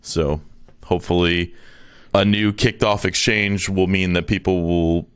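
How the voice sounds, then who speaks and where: Man, lowish voice, podcast co-host, laid-back, casual chat, laughs easily. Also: steady tone, measured pace, clean tone.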